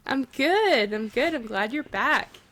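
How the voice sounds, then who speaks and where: A woman's voice: high voice, expressive, measured pace, a bit bright. A woman hosting a podcast, chatting casually and often laughing. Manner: giggly, chatty. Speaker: podcast host. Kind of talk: casual chat.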